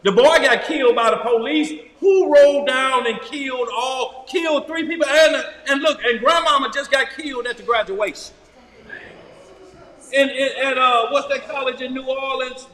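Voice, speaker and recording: Man, high bright voice, lively Bible study talk, shouts now and then, roomy hall. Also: normal speed. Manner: animated, shouting at times, loose and joking. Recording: roomy hall with long reverb.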